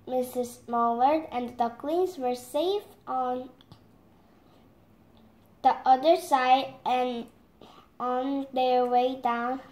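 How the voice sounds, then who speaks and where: A young girl reads a picture book aloud at home, sounding each word out with small stumbles. Her voice is high and her pace very slow. The room around her is echoey. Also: darkish tone. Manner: slow careful reading with stumbles and apologies. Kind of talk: reading a storybook aloud.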